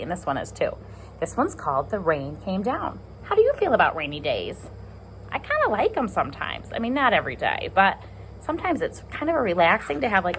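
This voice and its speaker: A woman's voice: on the high side, sharp tone, a little hiss or hum, rough recording. A woman teacher reading a picture book aloud to preschool children, chatty and playful, asking them questions as she goes. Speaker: pre-K teacher.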